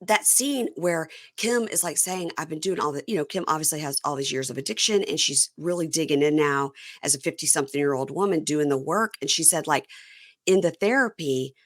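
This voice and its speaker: A woman's voice: sits low, fairly quick. A woman hosting a podcast, chatting casually and acting out what others said as she retells scenes. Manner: animated storyteller, acts out quotes. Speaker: podcast host. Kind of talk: casual chat.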